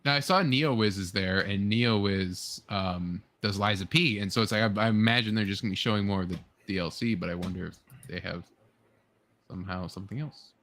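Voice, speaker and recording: A man's voice: fairly low pitch, brisk, a bit bright. Regular guy rambling about game announcements, lots of ums. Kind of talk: casual gaming chat.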